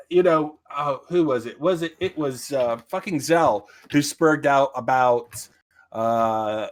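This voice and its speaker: A young man co-hosting a casual livestream chat. He talks at a middling pitch, swears freely and gets heated, then backs down and apologizes. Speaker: podcast co-host.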